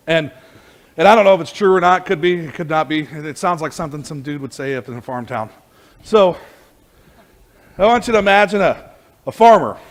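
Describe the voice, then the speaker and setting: A man preaching a sermon as pastor, telling a story with lively energy and many restarts and repeated words. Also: fairly high pitch.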